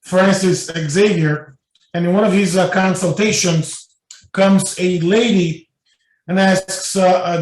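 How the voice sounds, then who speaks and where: A man with a high, unhurried, slightly mellow voice gives a spiritual lecture as a guest speaker. He tells stories loosely, with lots of fillers and restarts. The room is echoey and the mic sits at a distance.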